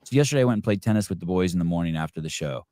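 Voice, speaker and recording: A man's voice: sits low, lively intonation, very fast, mellow, no room sound, studio quality. A man hosting a podcast in casual chat, rambling and profane, often restarting his sentences. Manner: many restarts and fillers. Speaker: podcast host.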